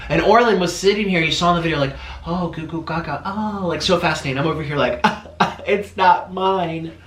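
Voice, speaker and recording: A man's voice: medium pitch, a bit bright, slight background noise. Upset man in an echoey room. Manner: tearful, halting, with many pauses and fillers. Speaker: vlogger. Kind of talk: emotional casual vlog talk.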